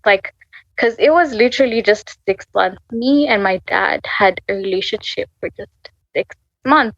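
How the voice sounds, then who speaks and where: Young woman guest, heartfelt testimony, halting speech with restarts, dry and slightly muffled recording. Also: fairly high pitch, vocal fry, fairly bright tone, no room sound. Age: 20s. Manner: halting, many restarts, laughs through tears. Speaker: guest sharing a faith story. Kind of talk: emotional personal testimony.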